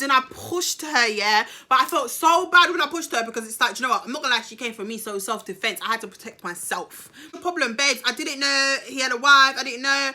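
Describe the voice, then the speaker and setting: A woman vlogger telling a story in a lively, slangy way, acting out the people in it. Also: sits high, brisk, few pauses. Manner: animated, slangy, acts out the people in her story. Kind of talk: storytime vlog.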